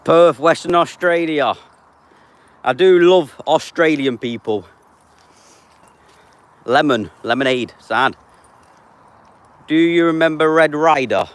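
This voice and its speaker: A man's voice: fairly high pitch, slow pace, long pauses. Chatty man in his thirties. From England. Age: 30s. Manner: reads out viewer names and answers them offhand. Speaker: live streamer. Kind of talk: casual live-stream chat.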